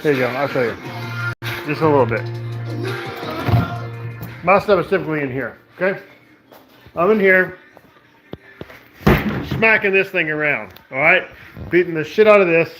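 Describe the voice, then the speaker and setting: Male streamer, slightly high voice, tipsy and chatty, rambling home livestream with faint music behind. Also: normal speed, long pauses, poor audio. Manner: relaxed, rambling, repeats "okay?". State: drinking, tipsy. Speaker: livestream host. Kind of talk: casual livestream chat. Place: living room at home.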